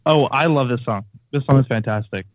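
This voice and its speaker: A man's voice: medium pitch, a little fast, a crowd in the background. A man co-hosting a podcast, chatting casually and enthusiastically, laughing easily. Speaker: podcast co-host. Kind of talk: casual chat. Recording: tinny phone-like line.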